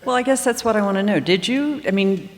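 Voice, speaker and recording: A woman's voice: medium pitch, quick pace. A woman interviewing an author on stage, asking conversational questions. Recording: reverberant hall.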